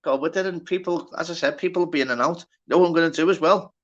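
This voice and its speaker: A man's voice: a little high, racing, fairly bright tone, muffled recording. A man with a Liverpool accent hosting a casual live stream, chatty and sweary, greeting viewers by name. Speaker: livestream host.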